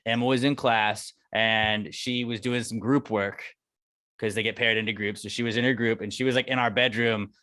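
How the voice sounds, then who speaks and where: A man's voice: lowish voice, fairly even intonation, normal speed, pushed and bright, no echo, clean studio sound. Rambling, self-mocking man in his thirties. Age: 30s. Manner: rambling, self-mocking storytelling, swears freely. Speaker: podcast co-host. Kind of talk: casual chat.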